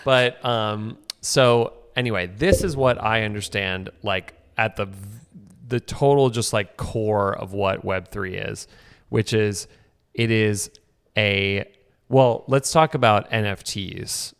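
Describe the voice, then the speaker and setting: Low gravelly-voiced joking podcast man. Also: takes it slowly, a bit bright, in a large hall. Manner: joking, self-mocking, restarts. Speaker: podcast co-host. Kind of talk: casual chat.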